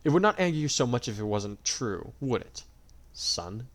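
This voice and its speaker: A man's voice: mid-range voice, big pitch swings, moderate pace, a bit bright. A man doing a smug, cruel dragon god. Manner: mocking, drawling, theatrical.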